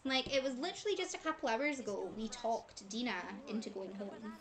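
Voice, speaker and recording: A woman's voice: a little high, lively intonation, a little fast, crowd noise. A woman giving casual commentary while playing a life-simulation game, chatting to her characters and laughing often. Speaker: gaming channel host.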